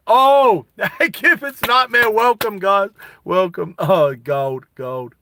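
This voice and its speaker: An Australian man telling a story on a live stream, animated and laughing often as he talks with viewers. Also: high-pitched, unhurried.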